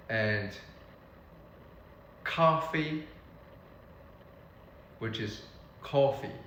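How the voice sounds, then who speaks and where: A man teaching beginners Mandarin, repeating each word slowly so learners can copy it. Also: medium pitch, fairly bright tone, reverberant, slight background noise, low-quality recording. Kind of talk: beginner language lesson.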